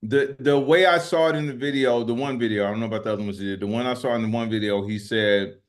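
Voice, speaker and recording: A man co-hosting a comedy podcast, telling stories and making points in an emphatic, rushed way. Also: medium pitch. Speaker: podcast co-host. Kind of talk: casual comedic chat.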